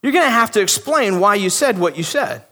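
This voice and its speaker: A man's voice: high voice, sing-song, brisk, sharp tone. A man preaching a sermon in a conversational, emphatic way, acting out the voices he quotes. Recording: long hall reverb.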